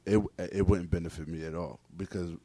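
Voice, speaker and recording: A man guesting on a podcast as a battle rapper, talking in a relaxed, filler-heavy way. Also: low voice, a little fast, slightly rough, no room sound. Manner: laid-back, filler-heavy talk. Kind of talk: casual podcast interview.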